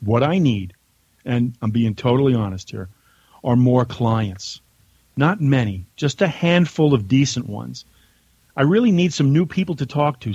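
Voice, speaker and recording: A man's voice: mid-range voice, a little mellow, husky, no echo, muffled recording. A man from the United States, a podcast guest, reading his own letter aloud in a blunt, conversational way on a remote call. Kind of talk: casual chat and reading aloud.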